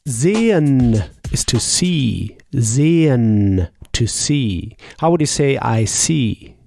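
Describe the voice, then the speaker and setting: A man leads an unhurried language lesson, pausing after each prompt before modelling the answer. His voice is mellow and has a gravelly edge. The recording is dry and close, with no room sound. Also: mid-range voice, animated, dry recording, faint music behind. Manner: explains slowly and patiently, models each answer. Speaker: German language teacher. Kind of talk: slow, patient language lesson with pauses for the listener.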